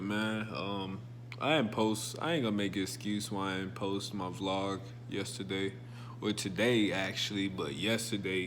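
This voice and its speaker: A young man vlogging in a casual, slangy, laid-back way, telling stories with animated bursts. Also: fairly low pitch, a little hiss or hum. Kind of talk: casual vlog chat.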